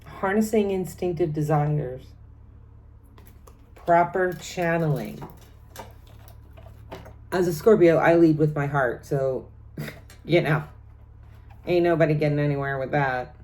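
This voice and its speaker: A chatty middle-aged woman talks through a tarot spread for her viewers. Her voice sits low, and she rattles off each card's meanings in long lists, breaking into laughs between them. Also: slow pace, long pauses, a little mellow. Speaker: tarot reader. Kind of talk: casual tarot reading vlog.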